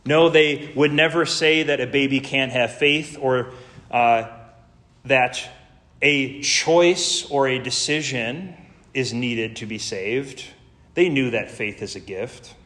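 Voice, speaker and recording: A man's voice: mid-range voice, slow pace, fairly bright tone. A man preaching a sermon in an earnest, emphatic way, building lists and drawing out key words. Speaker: pastor.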